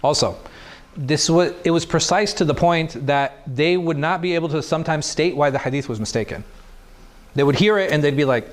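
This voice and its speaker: A man with a fairly high voice teaches a class. He explains in a steady lecture, often asking the room a question and then answering it himself. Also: brisk. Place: mosque classroom.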